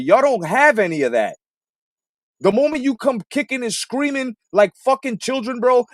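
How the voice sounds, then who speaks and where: A man with a high voice and darkish tone hosts a boxing commentary stream, delivering a combative, profane live rant. He swears heavily and repeats himself for emphasis. The audio is clean studio sound with no room noise.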